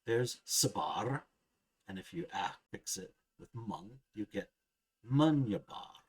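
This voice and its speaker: A man narrating a scripted grammar lesson, measured and precise, slowly sounding out each example word. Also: low voice, animated, fairly bright tone, breathy edge, rough recording. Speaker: language teacher.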